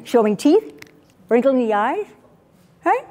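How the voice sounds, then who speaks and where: A middle-aged woman with a high-pitched voice speaks at a moderate pace as a public speaking coach, giving a lively motivational talk to a live audience at an event venue. She stresses key words by repeating them and coaxes listeners to join in.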